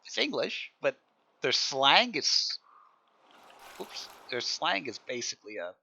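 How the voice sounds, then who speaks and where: A man's voice: mid-range voice, big pitch swings, slow pace, gravelly, bright, forceful tone. A man chatting casually on a live game stream as a server admin, rambling, repeating himself and often laughing.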